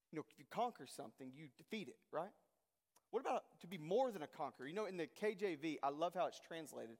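A man's voice: high-pitched, in a large hall. A man preaching a sermon as a pastor, reading scripture aloud and then driving it home with impassioned, emphatic declarations.

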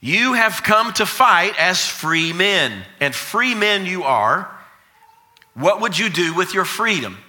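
A man's voice: high-pitched, big pitch swings, slow, bright, forceful tone, heavily acted. A man voicing a defiant Scottish rebel leader, with a put-on Scottish accent, giving a solemn, stirring battle speech to his troops during a sermon illustration. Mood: rousing.

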